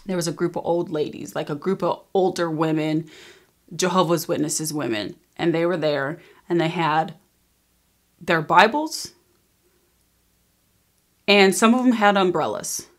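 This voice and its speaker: A woman in her thirties telling a personal story in a casual storytime vlog, emphatic and animated, acting out what people said. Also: on the low side, measured pace, pauses often. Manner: emphatic, animated retelling, acting out quoted lines.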